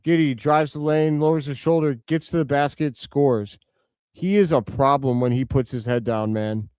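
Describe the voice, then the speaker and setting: A man hosting a live watch-along stream, giving casual play-by-play and answering viewers' comments, with excitable outbursts over big plays. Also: medium pitch, normal speed, clean tone, no room sound.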